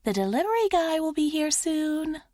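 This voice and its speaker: A woman narrator voicing a chirpy young female receptionist with a high, sing-songy delivery. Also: moderate pace, vocal fry, a little mellow, breathy edge, dry recording, studio quality.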